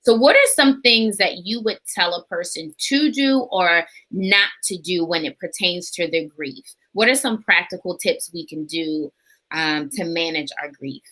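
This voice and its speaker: A woman's voice: lowish voice, a little slow, pushed and bright, rough recording. A woman podcast host asking questions and encouraging her guest with affirmations. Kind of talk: interview hosting.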